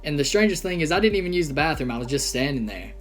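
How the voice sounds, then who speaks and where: A man's voice: a little high, lively intonation, a bit bright, soft background music. Earnest young man telling his story. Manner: earnest, halting storytelling with many pauses. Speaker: vlogger. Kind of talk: personal testimony vlog.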